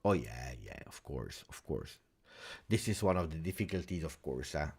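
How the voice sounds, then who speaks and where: Guy w a low voice, casual football stream chat, lots of uhs and eh?s. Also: moderate pace, breathy edge. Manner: animated, thinks aloud with many uhs and tag questions. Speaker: football live-stream host. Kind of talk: casual live reaction chat reading viewer comments. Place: home streaming setup in Belgium.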